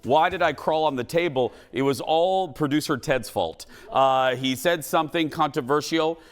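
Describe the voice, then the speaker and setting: A man hosting a studio talk show, telling an embarrassing story to a live audience in an animated, self-mocking way. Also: fairly high pitch, normal speed, clear, resonant tone.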